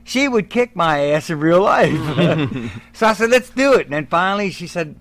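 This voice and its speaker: Animated man, a fairly high voice. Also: normal speed, no echo. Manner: animated, acts out the voices of people in his stories; laughs often. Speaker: guest, former wrestler. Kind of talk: casual storytelling.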